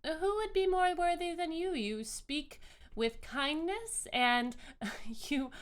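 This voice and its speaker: A woman's voice: sits high, expressive, slow, voice pushed up. A woman voicing a small, cheerful goddess of joy who giggles and stammers sweetly. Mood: bubbly.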